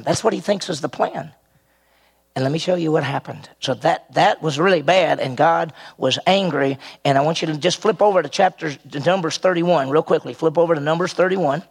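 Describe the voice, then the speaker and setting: A man preaching verse by verse, animated and full of questions aimed at his listeners. His voice is on the higher side with a gravelly, husky texture. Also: brisk. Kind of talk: expository sermon.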